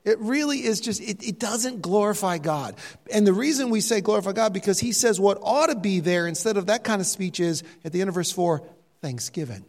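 A man's voice: sits high, a little fast. Older man preaching in a reverberant hall. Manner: animated, mimics voices, jokey asides. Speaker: pastor. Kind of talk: sermon.

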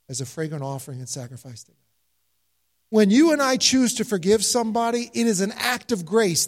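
A pastor preaches a sermon in a fairly high voice. He tells stories and keeps posing questions to his listeners, then answers them himself. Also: a little mellow. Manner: storytelling with rhetorical questions.

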